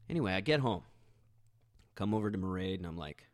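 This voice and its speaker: A man's voice: lowish voice, big pitch swings, brisk, sharp tone, no echo, clean studio sound. A man hosting a podcast, telling an embarrassing story in a rambling, self-mocking way with many restarts. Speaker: podcast host. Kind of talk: casual storytelling monologue.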